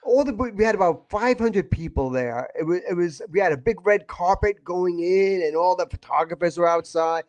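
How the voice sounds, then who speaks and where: Guy with a high voice rambling thru a story as a podcast guest, lots of restarts. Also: normal speed, hardly any pauses, darkish tone, dull audio. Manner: rambling, restarts often, quotes others. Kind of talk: casual anecdote telling.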